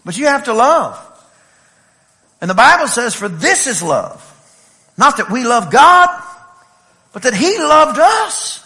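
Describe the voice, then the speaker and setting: A man from East Texas with an East Texas accent, preaching a lively sermon and telling playful stories to his congregation. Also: very high-pitched, slow, long pauses. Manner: animated, playful storytelling with laughs and shouts. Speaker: pastor.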